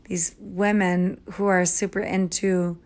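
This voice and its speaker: A woman hosting a podcast, rambling through tangents as she processes her thoughts out loud into her phone. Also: on the low side, flat delivery, slow pace. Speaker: podcast host and online English tutor. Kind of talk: rambling spoken-aloud voice memo. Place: home, Minnesota.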